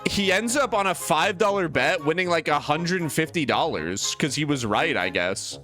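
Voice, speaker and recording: A young man streamer telling a long funny story in casual chat, animated and full of "like" fillers, acting out the people in it. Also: a little high, normal speed, faint music behind. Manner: animated, many "like" fillers, acts out other voices.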